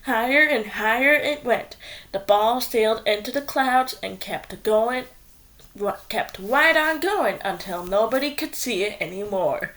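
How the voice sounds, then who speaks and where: Lady reading a kids book out loud, slow and playful, kinda high voice. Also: expressive. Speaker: storyteller. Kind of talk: reading a children's book aloud.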